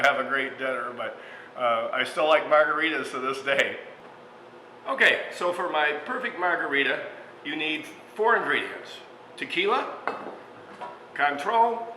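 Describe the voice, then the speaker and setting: Man, restaurant chef, casual cooking demo, chatty with fillers, fairly high voice, roomy reverb. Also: pushed and bright. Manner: chatty storyteller, frequent fillers, chuckles mid-sentence. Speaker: restaurant executive chef hosting a cooking show. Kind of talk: casual cooking demonstration with anecdotes. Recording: echoey room with long reverb, faint background hum.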